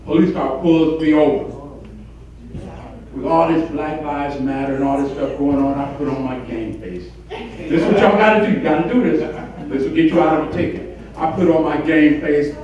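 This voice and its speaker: A man's voice: on the high side, moderate pace, a little mellow. A man doing a stand-up comedy set in a club, hyped up and repeating call-outs to the crowd. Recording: dull, echoey, distant club recording.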